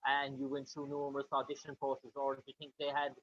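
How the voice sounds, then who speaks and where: A man's voice: mid-range voice, completely flat delivery, fast, a bit bright, husky. A man interviewing a guest, asking long rambling questions full of fillers. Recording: dull lo-fi with faint noise.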